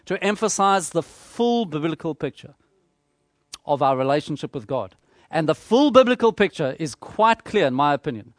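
A man preaching a sermon, measured and emphatic, repeating phrases for rhetorical effect. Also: sits high, no room sound, studio quality.

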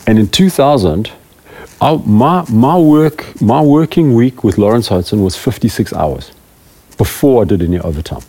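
A man's voice: on the low side, animated, normal speed, dark tone, breathy edge. A middle-aged man, a preaching elder, giving a rambling, self-deprecating talk to a small group of church leaders. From South Africa.

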